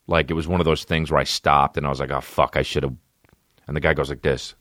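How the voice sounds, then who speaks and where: A man in his thirties with a deep, low-pitched voice tells a podcast story in a loose, profane, self-mocking way. His delivery wanders and restarts, and he is recorded close with no room sound. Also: steady tone, fast talker, fairly bright tone, no echo. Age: 30s. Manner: profane, rambling, self-deprecating. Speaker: podcast host. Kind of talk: casual comedic storytelling.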